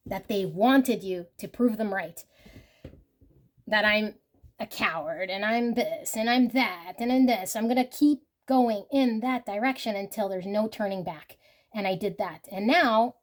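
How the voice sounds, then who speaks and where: A woman giving a casual pick-a-card tarot reading, rambling and full of filler words, sometimes laughing and swearing. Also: fairly high pitch. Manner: rambling, with lots of "like" and "you know". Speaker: tarot reader.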